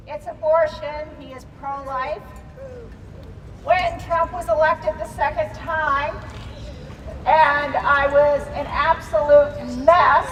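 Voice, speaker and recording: A woman's voice: sits high, a bit bright, slight background noise. A woman from Minnesota speaking earnestly to a protest crowd and sharing a personal story. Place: outdoors on a city street. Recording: dull, distant, with echo.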